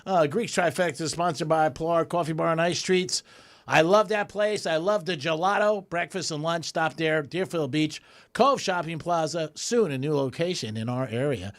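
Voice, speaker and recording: A man hosting a radio talk show in a studio, ranting in an animated, exasperated way. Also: a little high, normal speed.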